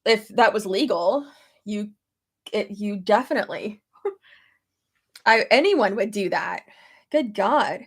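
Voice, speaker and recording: A pregnant young woman streams casually, telling animated stories full of laughter and swearing. Her medium-pitched voice has a breathy edge, and she takes it slowly with long pauses.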